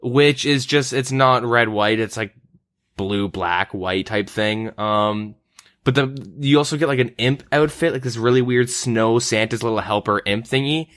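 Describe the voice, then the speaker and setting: A man's voice: medium pitch, a little slow, dry recording, studio quality. A young man from Canada hosting a gaming podcast, chatting loosely with lots of "like" and "um". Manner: relaxed, many fillers like "like" and "um". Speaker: podcast host. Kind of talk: casual gaming chat.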